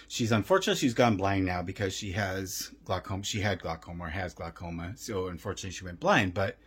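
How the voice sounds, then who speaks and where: Husky-voiced man chatting on a vlog. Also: deep voice. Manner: chatty, repeats questions. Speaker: vlogger and cat rescuer. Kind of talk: casual vlog commentary. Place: home.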